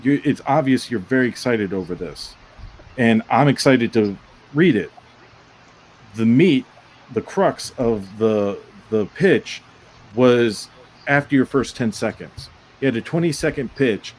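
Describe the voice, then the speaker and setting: A man on an online panel gives direct, emphatic feedback in a coaching tone. His voice sits at an ordinary middle pitch. Faint background noise hums under his voice. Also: expressive, measured pace, poor audio. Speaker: panel judge. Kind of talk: casual online panel chat.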